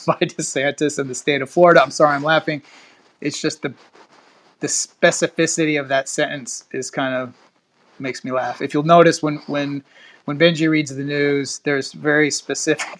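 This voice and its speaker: A man's voice: mid-range voice, fairly bright tone. A man hosting a podcast, reading a news article aloud in a casual chatty way, stopping to comment and laughing at the wording. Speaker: podcast host.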